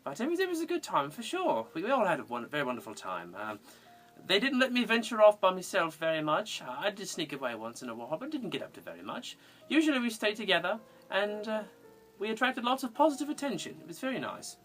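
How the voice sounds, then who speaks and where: A cosplayer voicing an eccentric old-fashioned English undertaker, fond and chuckling. The voice swoops up and down in a lively, sing-song way, with light music faintly behind it. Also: fast talker. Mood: whimsical. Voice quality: theatrical, sing-song delivery with big pitch swings. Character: eccentric giggling retired male undertaker, English. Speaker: fan cosplay answering viewer questions. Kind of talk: in-character fan parody video.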